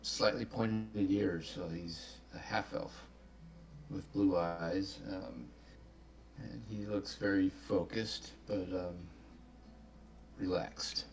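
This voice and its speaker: A man describing his character as a tabletop game player, unhurried and filler-heavy. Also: low voice, steady tone, a little hiss or hum.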